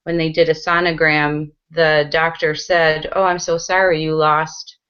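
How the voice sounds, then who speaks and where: A woman's voice: low-pitched, flat delivery, a little slow, a bit bright, clear, resonant tone. A middle-aged woman from the United States, an interview guest and mother, speaking directly and earnestly. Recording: dull lo-fi audio.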